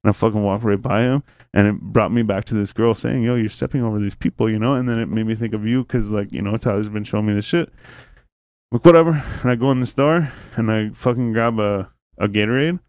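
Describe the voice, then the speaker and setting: A man's voice: lowish voice, brisk, a little mellow, dry recording. A man hosting a podcast, telling a story in casual, rambling chat, full of swearing and filler words. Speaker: podcast host. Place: podcast studio.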